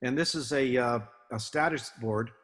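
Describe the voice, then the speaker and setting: An older man giving an illustrated talk to an audience, relaxed and anecdotal, with many fillers and restarts. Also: mid-range voice, normal speed. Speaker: guest speaker, film naval advisor. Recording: long hall reverb.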